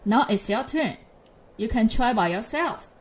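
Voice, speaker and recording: A Chinese teacher with a fairly high, expressive voice gives a pinyin lesson in English. She speaks slowly and patiently, drawing out each model syllable so learners can repeat it.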